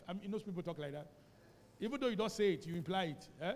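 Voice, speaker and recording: Nigerian pastor guy preaching loud then soft, asks the room to say amen, long echo in the hall. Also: high voice, lively intonation, fast talker, a little hiss or hum. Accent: Nigerian English. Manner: preaching with call-and-response, swinging between quiet asides and shouts. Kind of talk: sermon. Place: church hall.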